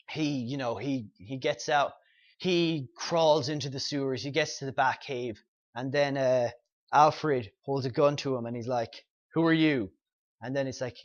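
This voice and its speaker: A man's voice: medium pitch, dull audio. A man hosting a comic review show, casually retelling the plot with lots of fillers and quoted dialogue. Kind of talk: casual spoken recap and review.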